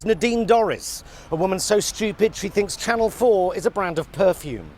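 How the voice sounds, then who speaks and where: An actor playing a grumpy satirical political commentator who rants in cutting lists of insults. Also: male voice, high voice, animated, moderate pace, darkish tone, slight background noise. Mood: scathing. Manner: ranting, cutting, list-like insults. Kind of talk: satirical TV monologue.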